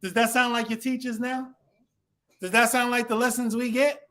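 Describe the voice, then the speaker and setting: A man's voice: extremely high pitch, level tone, moderate pace, fairly bright tone. A man teaching a congregation through a scripture lesson, asking the class questions and acting out the people in the text.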